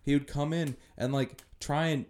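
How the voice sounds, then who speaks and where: A man co-hosting a podcast, relaxed in casual chat and telling stories. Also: on the high side, normal speed. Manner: relaxed storyteller with frequent laughs. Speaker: podcast co-host.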